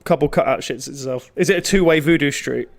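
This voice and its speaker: A man co-hosting a comedy podcast, teasing his partner in quick, casual banter from a room at home. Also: on the high side, creaky. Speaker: podcast co-host. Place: home room with window open.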